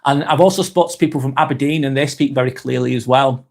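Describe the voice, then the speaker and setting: Speaking quickly at a medium pitch, he keeps a steady tone with some vocal fry and a slightly mellow quality. He's a Lancashire man from Northwest England running an easygoing live stream, responding to viewer comments, cursing freely and frequently restarting what he's saying.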